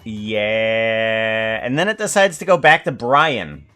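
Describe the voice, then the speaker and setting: Slow-talking bright-voiced male streamer. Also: fairly low pitch, smooth, faint music behind. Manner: rambling, halting, self-correcting. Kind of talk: casual live-stream chat.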